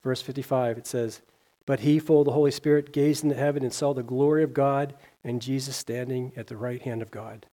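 In a warm, mellow, middle-pitched voice, a man preaches a sermon with earnest feeling. He reads scripture aloud, with minor slips and restarts, and asks his listeners questions. Key words and scripture lift his voice, while phrase endings fall quiet and low.

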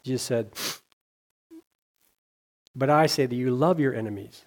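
A man preaching a sermon, reading scripture aloud and asking his listeners questions. He talks earnestly, lifting his voice on key phrases and letting it fall soft at the ends of lines. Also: measured pace. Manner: earnest, rising on scripture and dropping low at line ends; reads scripture aloud, with small slips and restarts.

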